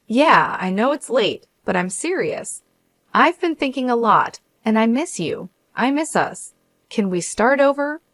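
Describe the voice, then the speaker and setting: A woman's voice: a little high, very animated, measured pace, a bit bright, no room sound. A woman narrator voicing a desperate ex-husband who pleads to be taken back. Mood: pleading.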